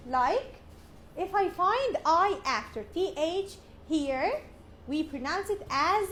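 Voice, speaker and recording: A woman teaching English pronunciation as a classroom drill, saying each word slowly and deliberately and repeating it several times. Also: very high voice, lively intonation, fairly bright tone, slight background noise.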